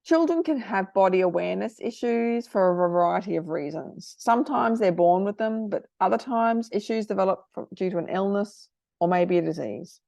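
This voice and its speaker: A middle-aged woman host talking earnestly to parents, sometimes moved to emotion, giving gentle advice. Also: medium pitch, lively intonation, normal speed, gravelly, no room sound. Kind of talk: casual product talk to parents.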